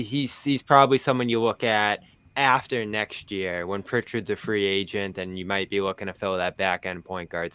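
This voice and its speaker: A man with a Boston accent talking casually as a panelist on a basketball postgame show, chatty and quick to laugh. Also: lowish voice, a bit bright, clean tone, no echo. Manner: chatty, laughs often, tells anecdotes. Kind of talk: casual sports chat.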